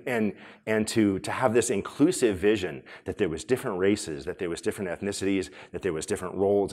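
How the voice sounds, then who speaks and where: Deep-voiced man giving a conference talk. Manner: conversational, many fillers and restarts, polls the audience. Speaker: conference speaker and room host. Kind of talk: conference talk to a live audience. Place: conference hall.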